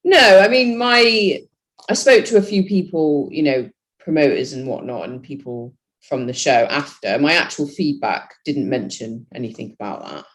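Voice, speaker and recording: Speaking at a normal pace in a low-pitched voice, a young woman talks casually about her bodybuilding workouts as a podcast guest, with frequent "you know" fillers.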